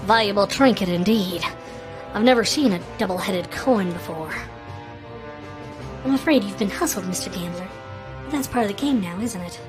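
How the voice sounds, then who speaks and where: A woman streamer voicing a determined young female former general, reading the game's lines in a quiet, low-key way. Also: lively intonation, moderate pace, long pauses, music in the background, natural voice. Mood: sly.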